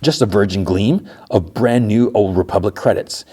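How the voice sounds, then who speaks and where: A smooth-talking rogue pirate works a crowd in a persuasive, rousing voice, as a man plays him in a recap. He sits slightly above the man's own low pitch. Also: normal speed, warm tone.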